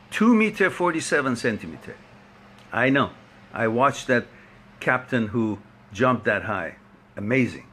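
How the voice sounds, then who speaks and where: Male host, unhurried and chatty, forceful bright tone, laughs a lot. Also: medium pitch. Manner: chatty, laughs often, rambling. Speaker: host of a live online talk. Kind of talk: casual chat greeting viewers by name.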